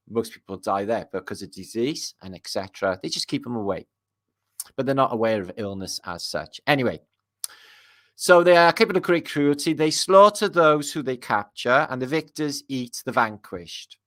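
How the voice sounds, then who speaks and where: A man reads passages from an old book and keeps interrupting himself with eager, rambling remarks to his audience. His voice is bright and forceful, and his talk is loose and full of ums and restarts. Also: mid-range voice, moderate pace. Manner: excitable and rambling, with many fillers and asides to viewers. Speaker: video host reading from an old book. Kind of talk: casual commentary while reading aloud.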